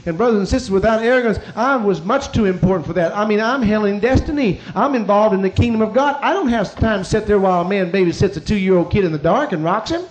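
A man's voice: high voice, fast talker, few pauses, slight background noise. A man preaching a sermon, telling a personal story to his congregation and rising to emphatic peaks.

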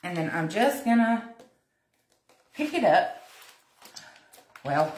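A woman's voice: lowish voice, animated, slow pace, long pauses, darkish tone, a little hiss or hum. A woman hosting a casual live craft demonstration, chatting with viewers as she works. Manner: chatty, greets viewers by name, talks while working. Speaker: craft tutorial host. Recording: roomy echo.

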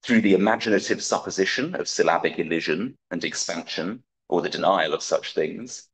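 A man giving a conference talk, reading an academic paper aloud in a measured, precise way with dry wit. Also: deep voice, a bit bright, rough recording. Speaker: conference speaker.

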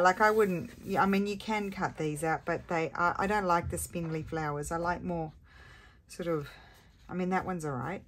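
A woman's voice: sits low, slight background noise. A woman hosting a casual craft tutorial, thinking aloud with many ums while she has the hiccups.

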